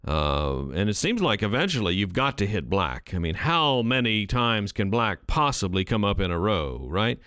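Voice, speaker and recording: A man's voice: fairly low pitch, moderate pace, few pauses, dry recording. A man hosting a podcast, talking through his ideas in a casual, rambling solo commentary from his home studio. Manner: animated, rambling, thinks aloud. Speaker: podcast host. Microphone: studio microphone.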